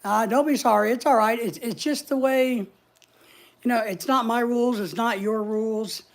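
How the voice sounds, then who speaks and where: A woman's voice: a little high, fairly even intonation, normal speed, creaky. Chatty woman hosting a livestream. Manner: rambling, chatty, reads viewer comments aloud. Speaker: livestream host. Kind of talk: casual livestream chat.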